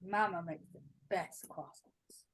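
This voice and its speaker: A woman playing a tabletop game with friends, talking in a slow, playful, giggly way. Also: fairly low pitch, slightly rough. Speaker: player.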